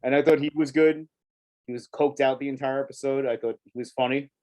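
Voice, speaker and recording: A man's voice: mid-range voice, steady tone, fairly quick, darkish tone. A man co-hosting a casual TV review chat, talking in an emphatic, chatty way and laughing often. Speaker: co-host of a TV review show.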